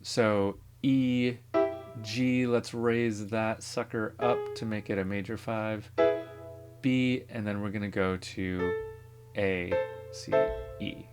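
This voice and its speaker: A man's voice: fairly low pitch, slow pace. A man teaching music theory in a casual lecture, thinking aloud and correcting himself as he goes. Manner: relaxed, thinking aloud with fillers and self-corrections.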